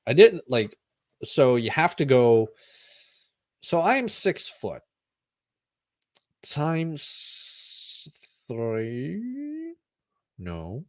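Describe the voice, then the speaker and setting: A man chats with his stream audience in a rambling, joking way. His voice sits at an ordinary middle pitch. The recording is dry and close. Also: dry recording. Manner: rambling, chatty, jokey. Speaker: streamer, channel host. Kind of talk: casual livestream chat.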